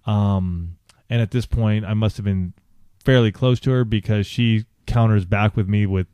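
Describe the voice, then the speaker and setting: Low, dark-voiced man telling a story. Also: fairly even intonation, clear, resonant tone, no room sound, studio quality. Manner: halting, with many restarts and fillers. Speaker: podcast co-host. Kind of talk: candid personal story.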